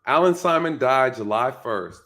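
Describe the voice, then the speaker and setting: A man's voice: medium pitch, animated, a little slow, a bit bright. A man commenting on a news clip for his viewers, talking casually and emphatically, often asking rhetorical questions and checking in with "right?".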